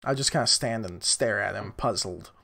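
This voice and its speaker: A man playing a tabletop game, speaking quietly and wryly in character and out. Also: fairly low pitch, moderate pace, creaky, no room sound, clean studio sound. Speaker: player. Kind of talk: casual tabletop play.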